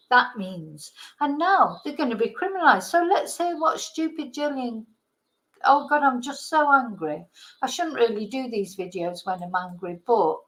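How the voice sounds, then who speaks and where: A woman's voice: fairly high pitch, a bit bright, rough recording. A woman from Britain, a vlogger, delivering an indignant, heated political rant with some swearing.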